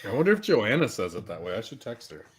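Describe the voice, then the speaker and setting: A man's voice: medium pitch, very animated, quick pace, heavy background noise. A man co-hosting a casual podcast, teasing the others and laughing. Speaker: podcast co-host. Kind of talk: casual chat.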